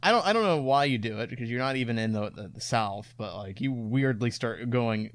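A man's voice: medium pitch, animated, a little fast. A man co-hosting a casual podcast chat; he laughs easily and sounds incredulous at what he hears. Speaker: podcast co-host.

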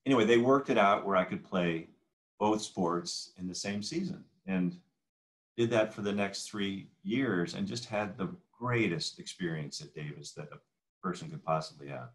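A man in his sixties, a guest in a casual interview, telling animated stories and acting out the dialogue. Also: sits low, normal speed. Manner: animated anecdotal storyteller who acts out quoted dialogue.

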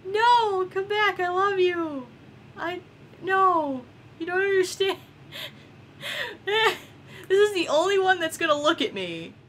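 A young woman casually commenting on a game she is playing, excitable and giggly, swearing often. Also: extremely high pitch, takes it slowly, a little hiss or hum. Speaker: gameplay commentator. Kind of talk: casual let's-play commentary.

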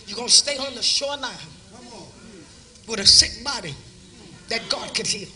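A woman preacher delivering a fervent live revival sermon in a church, often shouting in a colloquial preaching rhythm. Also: on the high side, moderate pace, distant mic. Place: church service.

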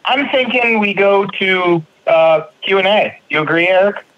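A man hosting a podcast in a casual, jokey way, often halting and restarting. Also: high voice, highs cut off, noisy background. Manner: jokey, halting, stumbling over words. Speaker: podcast host.

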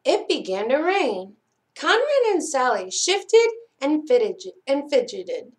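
A woman reads a children's picture book aloud for library storytime, in a fairly high voice. She takes it slowly and expressively, dropping softer at the suspenseful parts. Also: sing-song. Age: adult.

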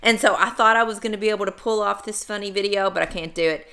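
A woman's voice: medium pitch, fast talker, gravelly, sharp tone. A middle-aged woman vlogging in a casual, chatty way, talking straight to her viewers with playful sarcasm. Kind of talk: casual chat to camera.

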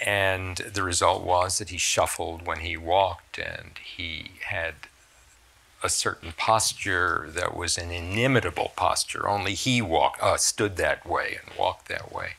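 An older man with a low, deep voice and a bright, forceful edge. He tells stories in an animated way, with sudden lifts in pitch and loudness. He sounds like a reflective guest in a stage interview. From United States. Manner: storytelling, animated, lively swings in loudness. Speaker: author and surgeon, guest. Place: stage talk at a cultural center.

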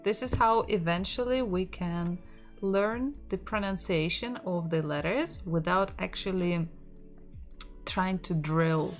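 Woman, Russian accent, native Russian speaker, casual online tutor, slow and patient, faint music behind. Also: fairly low pitch. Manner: unhurried, repeats words aloud, light laughs. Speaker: Russian language teacher. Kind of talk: casual online language lesson.

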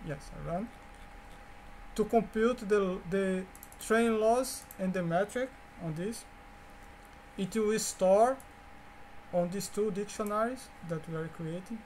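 A man whose first language is Portuguese, teaching a coding lecture in a halting way, with fillers, restarts and repeated words. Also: high-pitched, a little mellow, a little hiss or hum. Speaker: course instructor.

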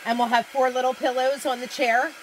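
A woman's voice: sits high, level tone, fairly quick, slight background noise. A woman hosting a live craft demonstration from home, chatting with viewers and reading their comments aloud. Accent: American. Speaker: craft livestream host.

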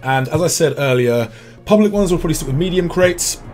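A British man hosts a game livestream with casual gameplay commentary, chatting, reading out viewer messages, and joking at his own expense. His fairly high voice is brisk, a little mellow, and lively in intonation, with faint music behind him.

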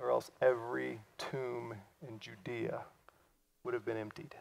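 A man preaching a sermon, acting out quoted lines and swinging from loud cries to hushed, near-whispered passages. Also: mid-range voice, measured pace, creaky. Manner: acts out quoted lines in lively voices. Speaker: pastor.

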